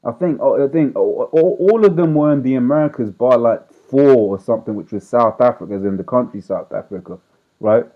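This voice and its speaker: A man's voice: mid-range voice, fairly quick. A man teaching scripture informally as a street preacher. He reads verses aloud, explains them in slang, and keeps checking in with "right?". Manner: checks in with "right?" after nearly every point. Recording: tinny phone-like audio.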